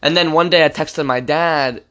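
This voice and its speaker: A teenage boy with a fairly high voice co-hosts a casual podcast. He talks loosely, swears often and rushes through stories. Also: over a noisy crowd. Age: teens. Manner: loose, sweary and joking, quick storytelling. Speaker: podcast co-host. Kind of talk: casual chat.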